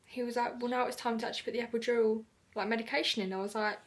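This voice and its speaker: A young woman vlogger from the UK telling a story in a chatty, animated way, acting out the dialogue. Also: on the high side, fast. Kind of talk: casual storytelling to camera.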